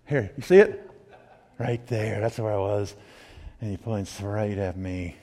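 A man giving a sermon, telling his own testimony, dropping to a hush and then rising loud. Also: fairly low pitch, unhurried, long pauses. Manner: storytelling, swings between hushed and loud. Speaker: preacher. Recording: long hall reverb.

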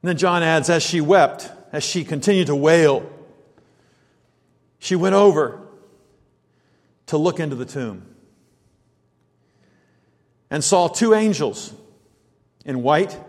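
A man preaches a verse-by-verse sermon in a loose, conversational manner, often restarting his sentences as he thinks aloud. His voice sits somewhat high for a man. The sound carries a long reverb, as if it was recorded in a large church hall. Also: takes it slowly, long pauses. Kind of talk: expository sermon.

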